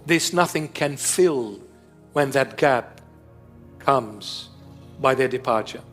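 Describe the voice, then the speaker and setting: A man's voice: medium pitch, slow pace, fairly bright tone, long reverb tail, faint music behind. A man in his fifties delivering an emphatic sermon, repeating his key phrases. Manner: emphatic, repetitive preaching. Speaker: preacher.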